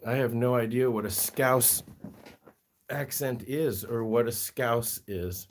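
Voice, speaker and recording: Male livestream host, unhurried, chatty and affectionate with his pets, mid-pitched voice. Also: a little hiss or hum. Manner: chatty, fond baby-talk to his pets, laughs often. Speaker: guinea pig rescue livestream host. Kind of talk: casual livestream chat.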